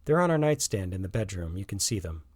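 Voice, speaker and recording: A man's voice: sits low, sing-song, fast, darkish tone, dry recording, clean studio sound. A man doing a joking, playful suburban dad. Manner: playful, teasing.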